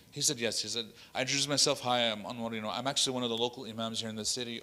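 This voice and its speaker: Animated male imam in a reverberant hall. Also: medium pitch, racing, few pauses. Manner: animated storyteller acting out dialogue. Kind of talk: workshop talk with storytelling. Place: mosque hall.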